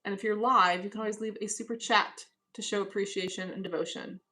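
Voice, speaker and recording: A woman's voice: medium pitch, steady tone, a little fast, pushed and bright. A woman hosting a live stream from home, reading chat messages aloud and answering in a cool, dismissive casual manner. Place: at home, indoors.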